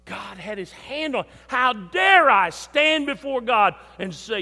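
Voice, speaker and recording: Older man, pastor, sermon, high-pitched, bright, long church reverb. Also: very animated, slow, creaky, hardly any pauses. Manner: emphatic, swings between loud and soft. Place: church sanctuary.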